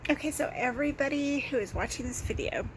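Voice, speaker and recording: A woman vlogging casually at home, hiccuping and giggling, hushing herself so she won't wake others. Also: sits high, brisk, noisy background. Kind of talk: casual self-filmed vlog. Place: indoors at home while others sleep.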